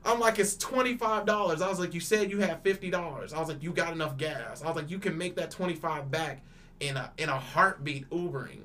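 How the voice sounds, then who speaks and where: A young man with a slightly high voice, telling an animated story on a casual podcast. He laughs often, swears freely, stumbles over repeated words and voices everyone's lines himself, with a faint hiss of noise behind him. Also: fairly quick. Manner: acts out both sides of quoted dialogue. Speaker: podcast panelist.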